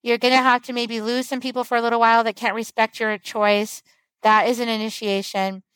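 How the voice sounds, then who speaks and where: A woman's voice: a little high, fairly bright tone, smooth, no room sound, poor audio. A woman guest on a podcast, talking in an earnest, flowing, teacherly way about spiritual growth. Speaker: guest author and medicine woman. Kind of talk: casual podcast conversation.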